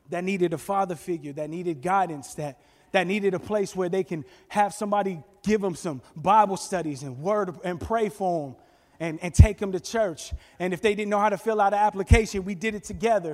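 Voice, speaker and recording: Lively male preacher, storytelling sermon, high-ish voice in a reverberant room. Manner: animated storytelling, bursts of shouting. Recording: long reverb with faint music.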